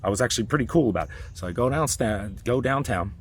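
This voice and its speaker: A man telling a personal story in a heated, rambling, profane rant, with sudden loud outbursts. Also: mid-range voice, lively intonation, fast talker, slight background noise.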